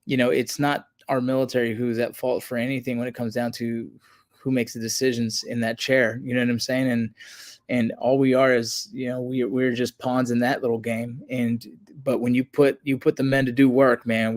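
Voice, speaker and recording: A man's voice: medium pitch, no echo. Earnest man in casual chat, dry sound. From United States. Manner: earnest, rambling, says "bro" and "man". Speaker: podcast guest, veteran.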